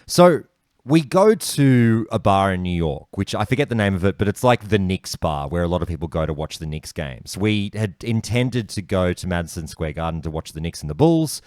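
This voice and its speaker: An Australian man hosting a podcast, telling stories in animated casual chat with plenty of swearing. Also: low voice, moderate pace, no room sound, studio quality. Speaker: podcast host.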